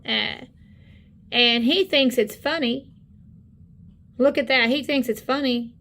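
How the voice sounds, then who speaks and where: Indignant woman, a bit high. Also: fairly bright tone. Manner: indignant, halting with many fillers. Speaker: channel co-host. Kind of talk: casual commentary on screen content.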